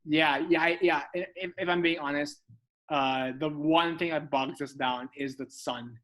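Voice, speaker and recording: A man's voice: on the high side, fairly even intonation, a little slow, a bit bright. A young man co-hosting a podcast, chatting casually and often repeating words as he starts a thought. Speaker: podcast co-host. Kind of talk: casual chat.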